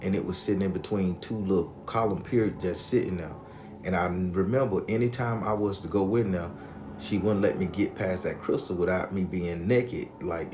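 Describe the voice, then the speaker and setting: A man telling a profane personal story in a loose, animated, conversational way. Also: sits low, noisy background. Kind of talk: crude casual storytelling.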